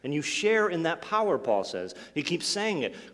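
A man preaching a sermon as pastor, asking the congregation rhetorical questions and swinging from forceful lines to hushed ones. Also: a little high, a little slow, few pauses, big-room sound. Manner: expressive preaching with rhetorical questions, sudden drops to near-quiet.

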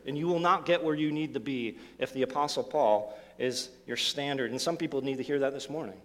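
A man's voice: mid-range voice, a little fast, hardly any pauses. A male pastor preaching a sermon, emphatic and earnest, who repeats words as he restarts and asks the congregation rhetorical questions. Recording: long hall reverb.

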